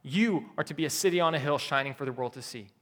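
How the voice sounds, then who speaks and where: Earnest pastor in a reverberant hall. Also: male voice, on the high side, fast, a bit bright. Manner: earnest, repeats key phrases for emphasis. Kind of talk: sermon.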